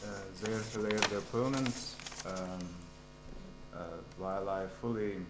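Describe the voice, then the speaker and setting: A man works through a formal academic answer. He is hesitant and fills pauses with uh. The echoey room carries a clear hum behind him. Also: on the low side, fairly even intonation. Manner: hesitant, many filled pauses. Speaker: doctoral candidate defending his thesis.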